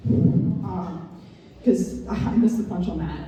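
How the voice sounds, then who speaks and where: Halting woman doing stand-up. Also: lowish voice, mellow. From American South. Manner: halting, filler-heavy, dry self-mocking delivery. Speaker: stand-up comedian. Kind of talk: stand-up comedy set. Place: comedy lounge stage, live audience. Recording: roomy club echo, far mic.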